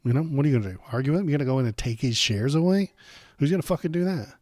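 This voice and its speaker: A man's voice: mid-range voice, lively intonation, racing, darkish tone, no room sound, clean studio sound. A man hosting a political livestream, ranting bluntly and sarcastically with profanity, his throat sore from a cold. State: coming down with a cold, throat bothering him.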